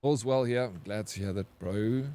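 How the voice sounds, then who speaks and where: A man's voice: fairly low pitch, moderate pace, mellow. A man with a South African accent talks loosely to his stream while he plays. He greets viewers by name and swears freely, in an easygoing, chatty way. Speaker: game streamer. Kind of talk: casual live-stream chat.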